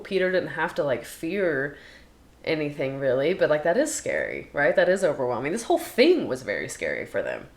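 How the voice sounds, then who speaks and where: A woman's voice: low-pitched, wildly swooping pitch, normal speed. A woman co-hosting a podcast, retelling and discussing Bible passages in a casual, chatty way. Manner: chatty, retells scripture in her own words. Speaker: podcast co-host. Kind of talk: casual Bible study chat.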